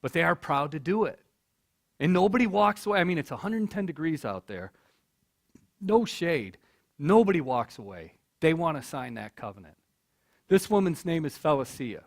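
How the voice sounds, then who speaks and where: A middle-aged man tells a story from a college stage in a somewhat high voice. He speaks earnestly and often repeats his words when the moment gets to him. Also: sing-song, normal speed. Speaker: keynote speaker. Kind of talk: storytelling speech. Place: college hall.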